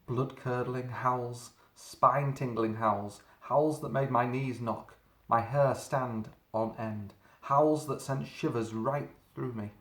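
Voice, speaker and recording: A man reading a children's story aloud, dramatic and slowing down for suspense. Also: medium pitch, steady tone, a bit bright. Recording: roomy echo.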